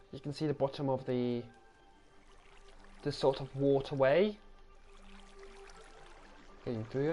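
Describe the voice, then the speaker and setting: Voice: mid-range voice, darkish tone. A gaming channel host, giving a casual, rambling tour of a game world, correcting themselves and repeating the same praise.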